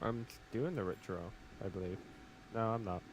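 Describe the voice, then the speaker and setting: A man's voice: low-pitched, normal speed, a little hiss or hum, rough recording. Blunt joking man chatting over a game. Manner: joking, blunt, swears offhandedly. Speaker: co-op streamer. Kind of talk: casual gaming chat.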